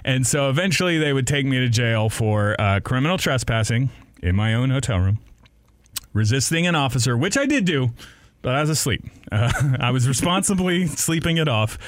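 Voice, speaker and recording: A man's voice: mid-range voice, moderate pace, dry recording. Laughing man telling a wild story. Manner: laughing often, animated retelling with voices. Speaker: radio host. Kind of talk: casual podcast storytelling.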